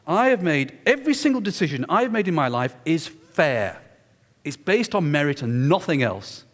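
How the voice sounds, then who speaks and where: A man retelling the words of an indignant Norwegian male scientist, slow and emphatic, in an echoey lecture hall. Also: on the high side, sing-song.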